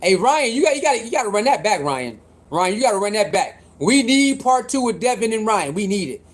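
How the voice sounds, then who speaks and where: Male livestream host, higher voice, casual slangy rambling talk. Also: very animated, brisk. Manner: chatty, repetitive, reacting to boxing news with slang.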